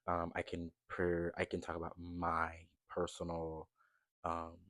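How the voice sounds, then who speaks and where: A man's voice: deep voice, no room sound. A man in his twenties from the United States, chatting casually and rambling to camera from his bed, turning upbeat as he shows things off. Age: 20s. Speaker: vlogger.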